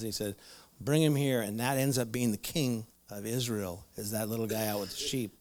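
A man's voice: fairly low pitch, moderate pace, darkish tone. A man preaching a conversational sermon, retelling Bible stories with playful asides and laughs. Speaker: pastor.

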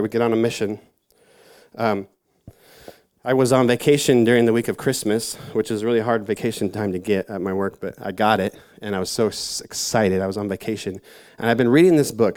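A man's voice: on the low side, darkish tone. A man giving a casual, rambling sermon to a youth group, full of fillers and self-mocking asides. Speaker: youth church speaker.

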